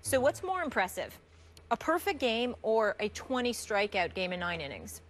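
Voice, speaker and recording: A woman hosting and moderating a sports debate show, brisk as she reads segment introductions and steers the talk. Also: on the high side, sing-song, slight background noise.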